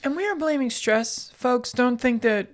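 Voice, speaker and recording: A middle-aged woman co-hosting a podcast in casual chat, teasing her co-host with quick jokes and casual swearing. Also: fairly high pitch, animated.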